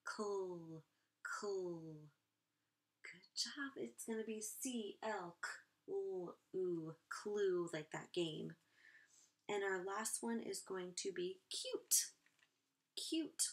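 A woman with a medium-pitched voice teaches a first grade phonics lesson online. She is encouraging and sounds out each word clearly for young children.

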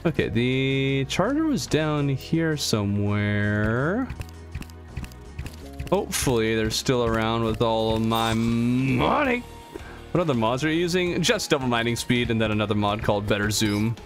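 A man's voice: mid-range voice, big pitch swings, a little slow, soft background music. A young man streaming a game live, chatting casually and reading chat aloud, a bit easily startled, on a desktop mic. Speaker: gaming streamer.

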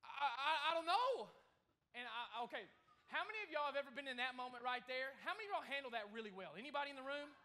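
A man in his thirties preaching a sermon to a church congregation, telling a story in an animated way. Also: very high voice, racing. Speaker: pastor. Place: church service.

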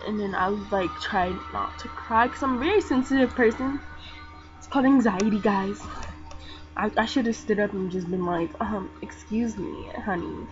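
Soft-spoken rambling young woman gamer. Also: moderate pace. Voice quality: soft-spoken, talks low. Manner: rambling, chatty, lots of fillers. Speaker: gaming vlogger. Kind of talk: casual gameplay commentary. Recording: dull lo-fi mic with game music. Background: game music.

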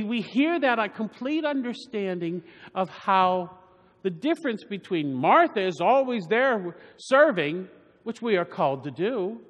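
High-voiced preacher in a reverberant church. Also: male voice. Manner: rambling, with frequent restarts and asides. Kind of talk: homily.

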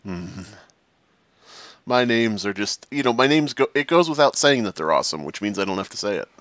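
Lively, dry-sounding man joking over a game. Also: fairly low pitch, a little fast, no room sound. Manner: joking, chatty, laughs often. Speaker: gaming channel host. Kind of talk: casual gaming chat.

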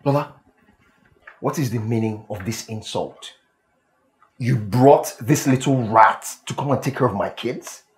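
A man's voice: on the low side, slightly rough. An actor playing an arrogant, scornful husband and father with a Nigerian accent, mocking and contemptuous.

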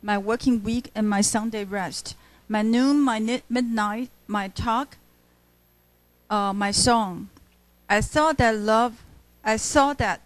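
A woman's voice: fairly high pitch, slow pace, no room sound. A woman professor giving a poetry lecture to a university class, reading lines aloud to show their stresses and checking in with her students. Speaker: literature professor. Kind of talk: classroom lecture mixing English and Mandarin.

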